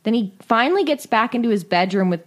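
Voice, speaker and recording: A woman's voice: on the high side, expressive, fast talker. Woman casually recapping, swearing freely. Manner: profane, storytelling with quoted voices. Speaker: podcast co-host. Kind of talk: casual chat recapping a cartoon.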